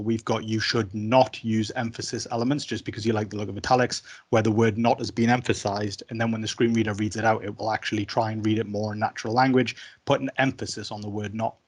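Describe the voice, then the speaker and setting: A man teaching a coding session in a casual, conversational way with some fillers. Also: on the low side. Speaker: coding instructor. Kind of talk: explaining web basics.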